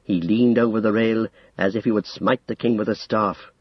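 A man narrating an audiobook in a steady, even storytelling delivery. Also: fairly low pitch, moderate pace, husky, no room sound. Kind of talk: scripted narration. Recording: dull lo-fi audio, dry.

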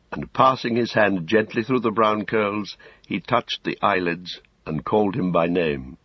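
A man narrates a story in a steady, measured way. His voice is low and husky. The recording is dry, dull and lo-fi. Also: dry recording. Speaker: audiobook narrator. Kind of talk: scripted narration.

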